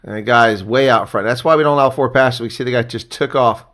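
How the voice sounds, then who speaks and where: A man giving casual live reaction commentary on a rugby match, chatty and thanking viewers, getting excited on big plays. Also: medium pitch, quick pace.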